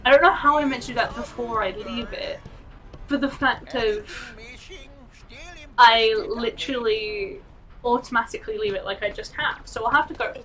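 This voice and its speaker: A woman's voice: on the high side, normal speed, fairly bright tone, far from the mic, poor audio. A young woman streaming a game, chatting casually and thinking aloud. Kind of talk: casual gameplay commentary.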